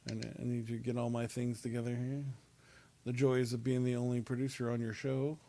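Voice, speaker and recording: A man's voice: mid-range voice, flat delivery, fairly quick. A man hosting and producing a podcast, chatting casually and freestyling a half-sung rap. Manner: improvised rhyming over a beat, half sung. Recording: music playing loudly behind. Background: beat music.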